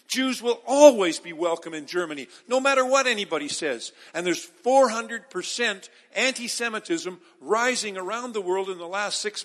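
Man, preacher, sermon, bright tense voice, calls out to the crowd. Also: sits high, in a large hall. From Israel. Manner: emphatic, calls out to the audience.

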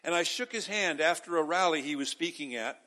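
High, bright-voiced man preaching in a hall. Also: a little fast. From Israel. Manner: emphatic, calls out to the audience. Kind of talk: sermon.

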